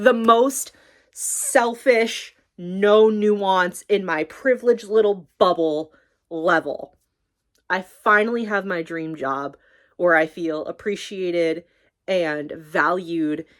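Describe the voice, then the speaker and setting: Chatty young woman, swearing and rambling. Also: on the low side. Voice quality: swearing, rambling, animated retelling. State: tearful. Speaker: streamer talking about her library job. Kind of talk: casual chat.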